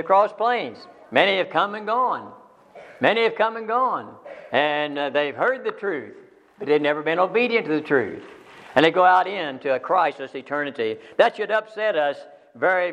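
A man's voice: fairly high pitch, fairly bright tone, rough recording. An older man preaching a sermon in an earnest, emphatic way, repeating phrases and restarting lines.

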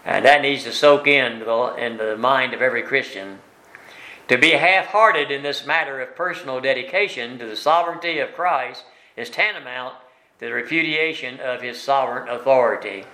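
A man's voice: mid-range voice, normal speed, sharp tone. A man teaching a Bible study in a plain, folksy way with frequent fillers. He keeps turning points into questions for his listeners. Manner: asks rhetorical tag questions. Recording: echoey room.

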